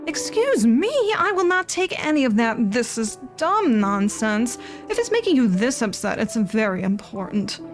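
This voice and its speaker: A tender old grandmother, voiced by a woman reading a game aloud, talks slowly and soothingly. Her lively, higher voice rises and falls warmly. Soft game music plays faintly underneath. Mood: firm caring. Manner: slow, soothing and affectionate. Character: gentle doting old grandmother on the phone.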